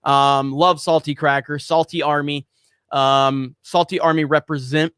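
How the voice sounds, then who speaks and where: A man's voice: on the high side, little pitch movement, unhurried, fairly bright tone, smooth, no room sound, studio quality. A man hosting a casual livestream, rambling with lots of fillers as he reads out viewer messages. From United States. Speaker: livestream host reading super chats.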